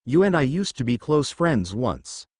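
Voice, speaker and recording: A man voicing a remorseful young woman with a thirst for blood, confessing haltingly in his own reading voice. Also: medium pitch, sing-song, a little mellow, dry recording, studio quality. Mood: ashamed.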